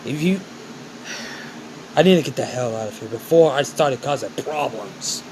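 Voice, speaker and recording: A man's voice: mid-range voice, expressive, moderate pace, noisy background, natural voice. A man voicing a hot-tempered teenage boy hero who swears bluntly. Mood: angry.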